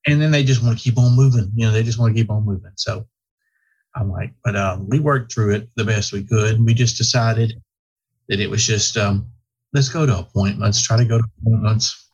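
Man, vet clinic owner, rambling storyteller, husky tone. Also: lowish voice, a little fast, a little mellow. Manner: folksy, rambling, with many restarts. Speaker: veterinary practice owner, podcast guest. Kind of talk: casual storytelling chat. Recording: slightly muffled lo-fi audio.

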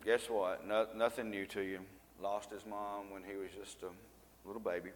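A man's voice: on the low side, little pitch movement, moderate pace, long reverb tail, a little hiss or hum. A man leads an informal Bible lesson, talking conversationally and quizzing his listeners with fill-in-the-blank questions. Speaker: Bible study teacher.

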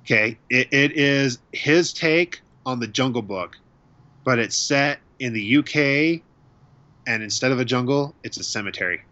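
A man with a bright, forceful voice chatting casually as a show co-host. He gushes enthusiastically. The sound is dry and a bit muffled. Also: mid-range voice, unhurried, no echo. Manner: enthusiastic, gushing. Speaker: podcast co-host. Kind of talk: casual chat.

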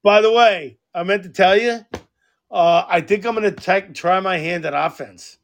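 Loud cursing podcast guy, high gravelly voice, laughs a lot. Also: moderate pace. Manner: loud, profane, laughs often. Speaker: podcast co-host. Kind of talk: casual banter.

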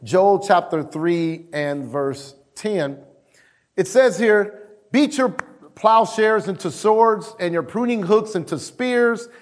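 A male pastor delivers a sermon with a fairly high voice. He is emphatic, repeats his key lines and calls for responses from the congregation. He swings between loud exhortations and low asides. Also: takes it slowly.

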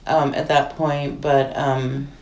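A middle-aged woman talking casually, halting with frequent pauses. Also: very deep voice, level tone, darkish tone, reverberant. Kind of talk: casual conversation.

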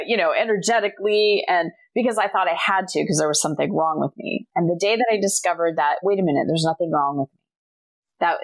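A middle-aged woman, a guest author, telling a personal story in a casual interview and acting out the dialogue. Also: on the low side. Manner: animated storyteller, acts out quoted dialogue.

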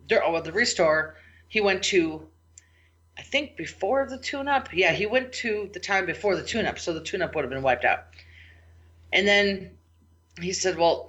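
Animated woman telling a work story, lo-fi sound. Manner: animated, quotes herself and clients with big pitch jumps. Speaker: IT business owner and podcast host. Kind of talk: casual storytelling monologue.

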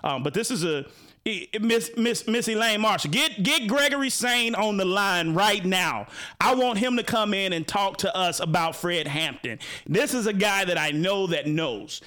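A man hosting a casual live-stream talk, animated and joking, full of restarts and asides to the audience. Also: sits high, moderate pace. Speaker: show host.

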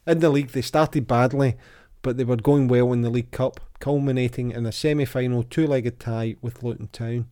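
A man's voice: mid-range voice, normal speed, hardly any pauses. A man hosting a casual football chat, reading out old quotes and quizzes. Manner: chatty, reads quotes aloud with lively voices. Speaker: podcast host.

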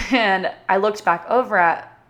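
Young adult woman vlogger, chatty and bubbly, mid pitch, casual storytime delivery. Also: a little slow, a bit bright. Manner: chatty, bubbly, filler-heavy with frequent "like".

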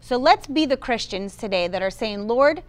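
A woman's voice: medium pitch, animated, normal speed. A woman preaching a sermon, emphatic, acting out what believers should say and calling on listeners by name. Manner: emphatic, quotes the congregation's inner voice.

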